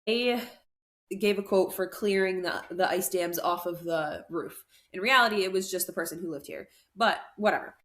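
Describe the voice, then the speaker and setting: A woman's voice: lowish voice, moderate pace. A young woman co-hosting a podcast, casually telling a story and acting out what other people said. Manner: animated storyteller, acts out quoted voices. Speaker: podcast co-host.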